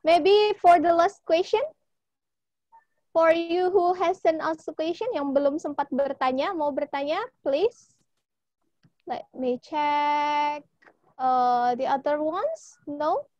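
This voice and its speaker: A woman teacher from Indonesia with a high voice, hosting a class Q&A in English and now and then slipping into Indonesian. The sound is close and dry. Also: slow, pauses often, no echo, dull audio. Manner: lively, mixes in Indonesian words. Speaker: teacher and host.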